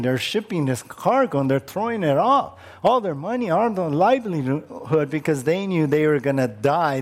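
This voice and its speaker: A male pastor preaching a conversational sermon and often posing rhetorical questions to the congregation. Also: on the high side.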